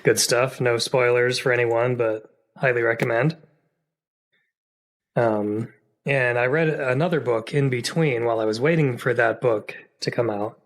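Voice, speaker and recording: Man, podcast co-host, casual, jokey, rambling, lots of fillers, mid-pitched voice. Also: fairly even intonation, a little slow. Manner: chatty and jokey, with frequent fillers and restarts. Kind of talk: casual chat.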